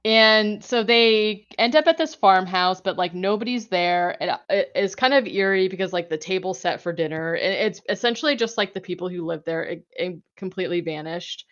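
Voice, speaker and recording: Recapping a horror movie on her podcast, a woman talks casually at a moderate pace with hardly any pauses. She has a lowish, fairly bright voice, and the highs in the audio are cut off; she laughs frequently and leans on fillers such as "like."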